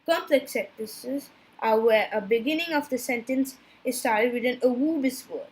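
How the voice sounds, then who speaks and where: A woman giving a class presentation from slides, halting and stumbling over technical terms. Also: a little high, breathy edge. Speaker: student presenter.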